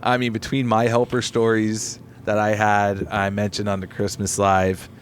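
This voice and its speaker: A man's voice: fairly low pitch, completely flat delivery, normal speed, a little hiss or hum. A man co-hosting a podcast, a delivery driver rambling through helper stories in casual chat with plenty of swearing. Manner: rambling, profane storyteller.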